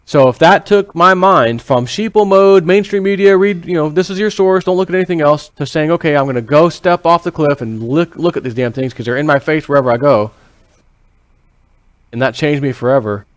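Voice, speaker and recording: Speaking briskly in a fairly high voice with no echo, a US vlogger rambles casually on his own. He swears in passing, circles back to repeat himself and voices his inner thoughts as if quoting them.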